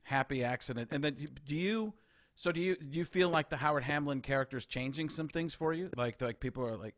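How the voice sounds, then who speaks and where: A man hosting a podcast interview, asking questions like an excited fan and laughing often. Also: on the high side, a little fast. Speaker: podcast host. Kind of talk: casual interview chat.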